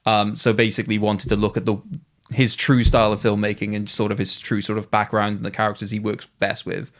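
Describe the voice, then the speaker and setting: A low-pitched man co-hosting a casual film podcast. He rambles through his points and keeps stopping to correct himself mid-sentence. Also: completely flat delivery, a little fast, fairly bright tone. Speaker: podcast co-host.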